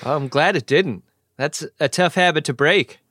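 A man co-hosting a podcast in casual chat, teasing his partner with quick-witted banter. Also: on the high side, fairly bright tone, dry recording. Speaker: podcast co-host.

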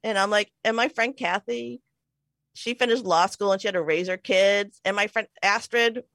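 A woman's voice: mid-range voice, normal speed, vocal fry, fairly bright tone, dry recording. A woman in her forties, a podcast co-host, telling a personal story in a chatty, self-deprecating way, laughing often. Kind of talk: casual storytelling chat. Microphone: remote call mic.

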